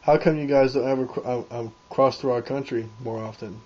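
A man's voice: medium pitch, steady tone, a little fast, darkish tone. A man co-hosting a comedy chat, asking blunt and crude questions. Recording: dull lo-fi audio with faint noise.

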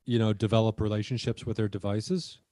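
A man hosting a podcast, talking things through in a relaxed, thoughtful way and laughing easily. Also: on the low side, fairly quick, no echo. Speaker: podcast host. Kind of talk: casual conversational chat.

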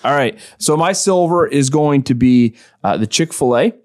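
A man from Michigan co-hosting a church podcast in playful, jokey casual chat, full of quick interjections. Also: on the high side, animated, a little mellow. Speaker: podcast co-host.

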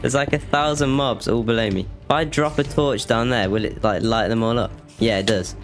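A man giving casual let's-play commentary on his game, chatty and quick to exclaim in alarm. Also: mid-range voice, music in the background. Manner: chatty, exclaims and panics when mobs attack. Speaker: gaming YouTuber.

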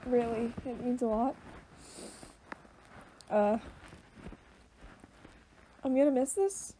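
A young woman giving emotional reaction commentary, choked up and halting, with many fillers and restarts. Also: on the high side, warm tone, slight background noise, rough recording. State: choked up, voice tearful. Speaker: video reactor.

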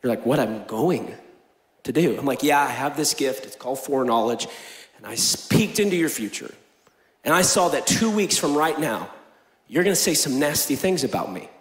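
A young male pastor with a high voice preaches in a big church hall where every word rings off the walls. He jokes and teases, then climbs into loud, emphatic declarations before dropping to near-whispered asides. The delivery stays lively and theatrical. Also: fairly quick. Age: young adult. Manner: animated, shifts between loud proclaiming and quiet asides. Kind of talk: energetic sermon with jokes.

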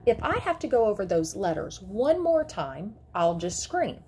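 A woman voicing a protective mother who speaks in a firm, controlled, sharp way while reading a story aloud. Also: medium pitch, very animated, unhurried, husky, full character voice. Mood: tense. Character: fierce protective mother of a disabled girl.

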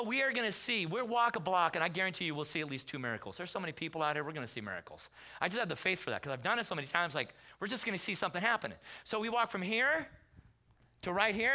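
A man preaching a sermon in a Southern California accent. He tells stories in a loose, conversational way and acts out the quotes in loud bursts. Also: high-pitched. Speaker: pastor. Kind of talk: sermon with storytelling. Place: church sanctuary.

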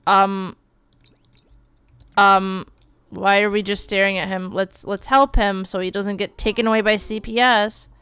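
Woman streamer, lively gameplay commentary, smooth resonant voice. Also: medium pitch, no echo. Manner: animated, bursts of exclaiming and quick read-outs. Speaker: game streamer.

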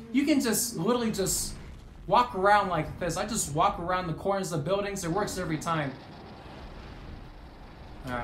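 Casual gaming commentator, mid-pitched, excitable and foul-mouthed, echoey room recording. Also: background noise. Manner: excitable, swears often, shouts at big moments.

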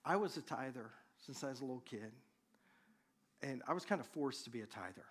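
A man preaching, a pastor telling a personal story to his congregation in a conversational, animated way. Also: mid-range voice, a little fast, slightly rough.

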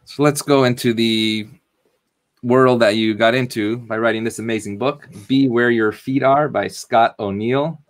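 A man's voice: medium pitch, steady tone, measured pace. A man, a rabbi, hosting an interview and asking long, conversational questions.

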